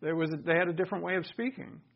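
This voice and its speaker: Male pastor mid-sermon, earnest delivery punctuated by loud emphatic swells; somewhat high voice, muffled lo-fi recording. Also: steady tone, racing, gravelly. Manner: earnest preaching with sudden loud emphatic bursts.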